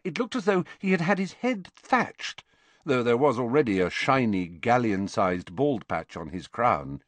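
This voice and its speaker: A male audiobook narrator reads the story in an expressive style, his medium-pitched voice moving through a lively range. The sound is dry and close, with no room around it. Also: a little slow, dry recording. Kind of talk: scripted narration.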